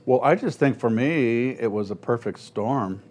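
A man in his sixties telling animated anecdotes as an interview guest, acting out quoted voices and laughing often. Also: mid-range voice, a little slow, soft background music. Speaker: guest, former ballplayer. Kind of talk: storytelling interview.

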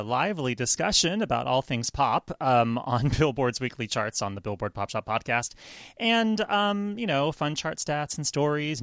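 Male podcast host, lively pitch, chatty with ums, dry sound. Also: dry recording. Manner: chatty, lots of ums and restarts. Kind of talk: casual podcast chat.

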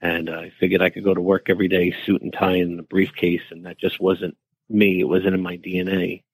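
Man, New York accent, low voice, dry close sound, storytelling guest chef. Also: level tone, a little fast, husky, no room sound, rough recording. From New York City. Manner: easygoing, anecdotal, quotes family in voices. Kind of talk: interview storytelling.

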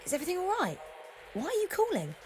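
An actress playing a jumpy, cheeky young woman, talking in a hushed, nervous way. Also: extremely high pitch, huge pitch swings, fast, soft background music, heavily acted.

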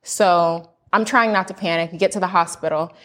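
A young adult woman from the United States telling a personal story in a candid chat, earnest and animated. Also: on the low side, normal speed. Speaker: panel guest sharing a birth story.

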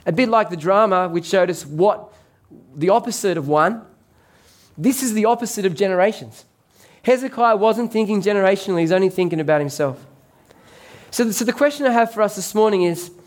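High-voiced man preaching a sermon. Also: expressive, fairly quick. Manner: conversational, jokes with congregation. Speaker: pastor.

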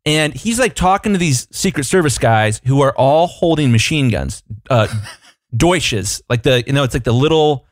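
A man co-hosting a podcast, telling a rambling, animated anecdote in casual chat, full of fillers. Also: mid-range voice, moderate pace, no echo, clean studio sound. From United States. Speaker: podcast co-host.

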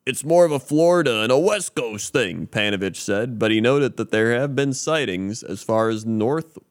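Expressive and mid-range, this co-host talks at a normal speed while reading mock news and sports for his podcast. Lots of laughter colours his casual delivery, and he trips over the items as he goes.

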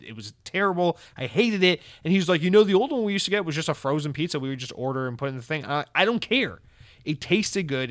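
A man's voice: medium pitch, a bit bright, no room sound, clean studio sound. A man hosting his own podcast, talking alone in a casual, rambling way, sarcastic and goofy with a lot of swearing. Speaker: podcast host. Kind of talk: casual solo podcast monologue.

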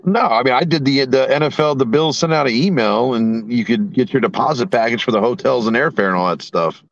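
A man's voice: medium pitch, fairly quick, muffled recording. A man talking as a guest in a casual sports chat, teasing and swearing, laughing easily.

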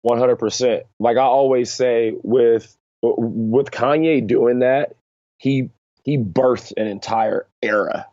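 A man in casual chat who talks with animated emphasis and acts out quotes in excited bursts. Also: medium pitch, slow pace, no room sound. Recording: dry, slightly dull lo-fi sound.

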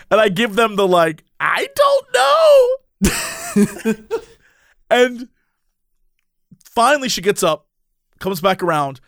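Man, high voice, animated storyteller, acts out voices, dry close sound. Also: no room sound. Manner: lively, acts out the people in his story. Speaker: storyteller on a podcast. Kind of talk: animated anecdote.

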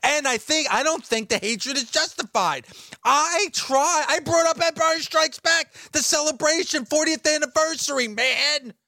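A man's voice: very high voice, unhurried, bright, forceful tone, no room sound, studio quality. A man co-hosting a talk radio show, defensive and insistent, repeating his points in heated banter.

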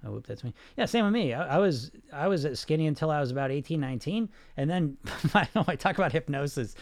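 A middle-aged man speaking in a fairly high voice, blunt and salty, peppering his listeners with rhetorical questions. His live podcast monologue comes across dry and close to the microphone, with no room sound around it. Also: expressive, fast talker, creaky, no room sound. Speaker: weight loss coach.

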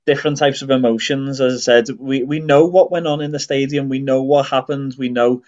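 A man's voice: mid-range voice, steady tone, fairly quick, a little mellow, dull audio. A man from Northern Ireland co-hosting a casual podcast, explaining earnestly in long run-on sentences. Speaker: podcast co-host.

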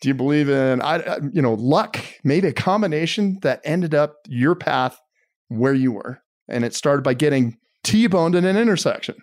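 A man's voice: a little high, animated, moderate pace, dry recording, clean studio sound. A man hosting a podcast, asking questions in an upbeat, joking and encouraging way. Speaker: podcast host. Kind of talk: casual podcast interview.

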